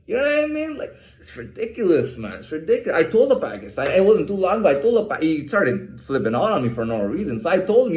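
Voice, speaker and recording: A man's voice: sits high, very animated, a little fast, reverberant, slight background noise. A man ranting in an agitated monologue, swearing a lot and restarting his sentences. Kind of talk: profane monologue to camera.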